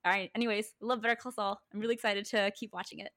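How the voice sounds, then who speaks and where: A woman's voice: mid-range voice, fairly even intonation, quick pace, a bit bright, no echo, studio quality. A woman co-hosting a casual podcast, chatty and giggly with lots of fillers. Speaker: podcast co-host. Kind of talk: casual chat.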